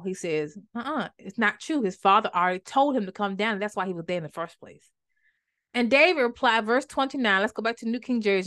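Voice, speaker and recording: Give me an animated woman teaching the Bible in a casual podcast chat. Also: mid-range voice, a little fast. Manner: animated, conversational, repeats words for emphasis.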